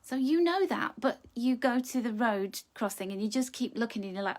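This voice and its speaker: Gentle middle-aged woman reading angel cards live, chatty n encouraging, a bit higher voice. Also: brisk, hardly any pauses. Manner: gentle, encouraging, chatty, greets viewers by name. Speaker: angel card reader. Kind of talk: live pick-a-card reading.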